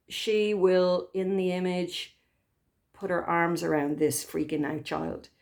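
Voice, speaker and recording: Woman, therapist, gentle, reflective, soft pauses, restarts. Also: fairly low pitch, gravelly. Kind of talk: reflective spoken talk to camera.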